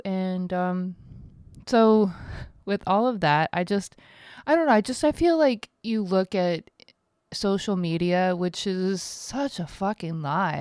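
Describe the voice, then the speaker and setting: A woman's voice: fairly low pitch, a little mellow, clear, resonant tone, dry recording, studio quality. A woman in her thirties hosting a casual solo podcast from home, tired, rambling and candid, swearing freely. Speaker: podcast host.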